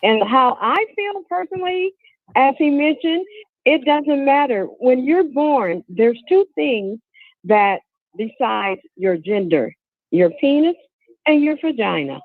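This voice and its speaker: Caller: a woman with a high, swooping voice, earnest and opinionated, on a dry phone line. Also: big pitch swings, takes it slowly, no room sound. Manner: earnest, opinionated, asks the host directly. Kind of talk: call-in opinion.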